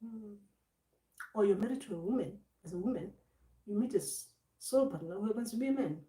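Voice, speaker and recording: A woman spiritual teacher gives an informal talk, rambling, repeating and restarting words as she explains her point and acting out voices. Her mid-range voice is animated, brisk and mellow, recorded from a distance in an echoey room.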